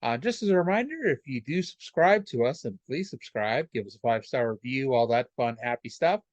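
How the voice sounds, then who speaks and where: A man's voice: mid-range voice, animated, a little fast, dry recording, highs cut off. A man hosting a podcast, recapping episodes casually with lots of fillers and asides. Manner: rambling, with many fillers. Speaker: podcast host.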